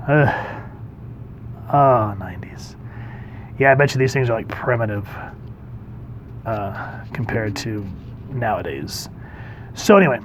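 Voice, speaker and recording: Man, comic reviewer, casual and animated, mid pitch, slips into character voices, faint hiss behind. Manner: animated, acts out comic dialogue in quick voices.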